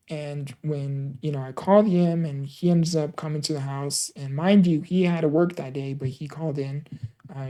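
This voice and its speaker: A man telling a personal story in an earnest, emotional way, often halting, repeating and restarting words. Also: medium pitch, warm tone. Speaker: podcaster telling his own story.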